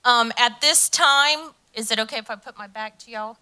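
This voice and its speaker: A woman with a bright, ringing voice pitched a little high, speaking at a county council meeting. She talks with warm enthusiasm and fills her pauses with ums. Her voice turns emotional easily. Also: clear, resonant tone. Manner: enthusiastic, many filler ums, gets emotional. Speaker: community delegation leader. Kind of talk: speech at a public council meeting.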